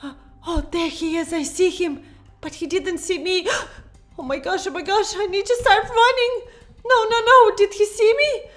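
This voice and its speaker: A woman doing a very high-voiced, frantic young mom. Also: steady tone, normal speed, faint music behind. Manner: breathless, fretful exclamations. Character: frantic, dramatic young mother under a spell. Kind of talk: Minecraft role-play voice acting.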